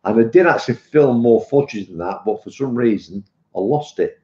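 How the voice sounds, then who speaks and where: Speaking at a moderate pace with an animated, darkish, medium-pitched voice, a middle-aged British man rambles casually to his live-stream viewers, calling them "mate." He reviews vapes and streams live, has a British English accent, and sounds muffled in an echoey room.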